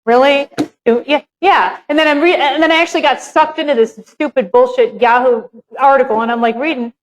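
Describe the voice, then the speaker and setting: Brief: high-pitched woman, real estate seminar presenter, frank and conversational, drops the odd swear word. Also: a little fast, low-quality recording. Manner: candid, chatty, swears casually. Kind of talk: live seminar talk.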